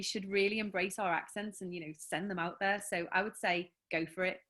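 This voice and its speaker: A woman's voice: mid-range voice, steady tone, a little fast, a bit bright. A woman with a Liverpool accent, chatting enthusiastically as a guest author on a video call, with lots of fillers. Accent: Liverpool (Scouse). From Liverpool, England. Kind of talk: casual interview chat.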